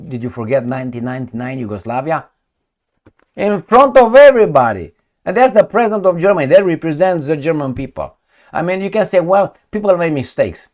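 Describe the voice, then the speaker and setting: A man hosting a solo political commentary, talking in an animated, mocking way with frequent restarts. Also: a little high.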